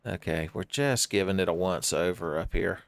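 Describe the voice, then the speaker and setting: A man's voice: low-pitched, normal speed, vocal fry, no echo. A man giving joking, rambling commentary while he plays a horror game, often laughing at his own jokes. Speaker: streamer playing a horror game.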